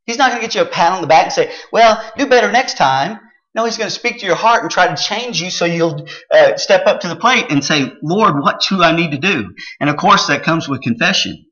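A man's voice: fairly high pitch, sharp tone, muffled recording. A man preaching a sermon, reading old-style Bible verses and explaining them in plain words, with frequent "uh" fillers. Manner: reads the old-style verses aloud, then restates them in plain talk. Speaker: pastor.

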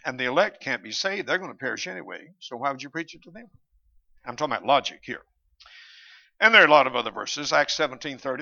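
Emphatic preacher man, bright lo-fi sound. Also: on the high side. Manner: emphatic, argumentative, rising and falling in volume, quoting King James verses. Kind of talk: sermon. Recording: dull lo-fi recording.

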